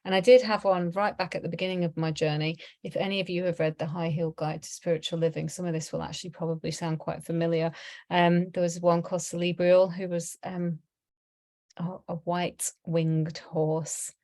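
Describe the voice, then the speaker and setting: A woman's voice: lowish voice, flat delivery, moderate pace, darkish tone. Chatty middle-aged woman teaching online. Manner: chatty, rambling, frequent ums and laughs. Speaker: tarot teacher.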